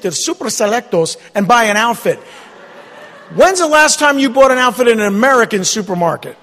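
Husky guy preaching, high voice, big echoey church. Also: a little fast. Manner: animated, swings from loud to hushed. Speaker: pastor. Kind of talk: sermon. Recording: reverberant hall.

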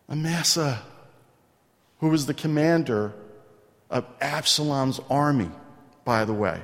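A man preaching a sermon as pastor, moving between hushed asides and loud, stretched-out emphasis. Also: medium pitch. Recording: long reverb in a large hall.

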